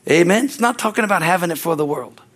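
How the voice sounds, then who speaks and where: A man preaching a sermon, fervent, often breaking in with hallelujah and amen, moving between loud rises and quiet low asides. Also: lively intonation, fast talker. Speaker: pastor.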